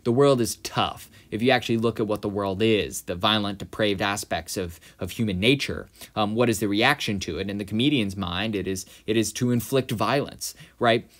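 A man's voice: fairly low pitch, normal speed, hardly any pauses. A man giving a close-reading lesson on a novel, thinking aloud with many fillers and talking to viewers as guys. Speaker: literature analyst.

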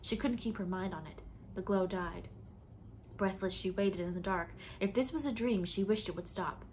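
A woman reading a novel aloud in measured, expressive storybook narration. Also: mid-range voice, a little hiss or hum. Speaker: audiobook reader.

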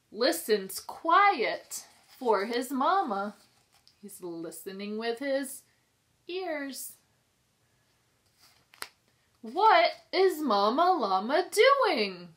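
Slow, bright-voiced woman teacher reading aloud. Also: a little high. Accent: New York. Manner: slow, sing-song, expressive reading with questions to children. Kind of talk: children's storybook read-aloud.

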